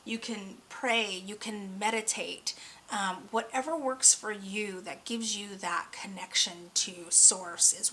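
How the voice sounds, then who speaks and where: A woman's voice: mid-range voice, takes it slowly, sharp tone, slight background noise, poor audio. A woman giving a weekly oracle card reading, talking earnestly and a bit ramblingly, openly emotional, her voice close to cracking. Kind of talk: spiritual card reading monologue.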